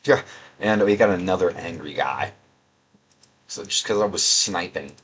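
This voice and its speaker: A man's voice: sits low, unhurried, a bit bright, slightly rough. A young man doing casual, sarcastic gaming commentary, reading out chat messages in a rambling, mocking way. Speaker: gaming video creator.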